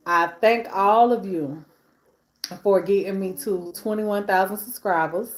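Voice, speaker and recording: A woman's voice: medium pitch, a little slow. A woman hosting a live stream in casual chat, talking between bites while she eats and piling up repeated phrases for emphasis. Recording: echoey room.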